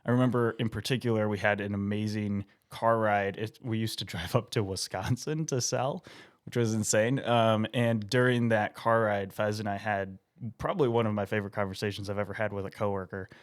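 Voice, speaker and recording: A young man hosting a podcast, friendly and laid-back, who laughs easily and fills pauses with "um". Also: lowish voice, steady tone. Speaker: podcast host. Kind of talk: casual podcast interview.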